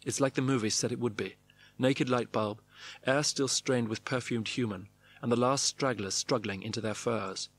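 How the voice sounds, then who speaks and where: Brief: man narrating a memoir, clipped, dry diary phrasing, mid-pitched voice. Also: steady tone, moderate pace. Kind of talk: reading a memoir diary aloud.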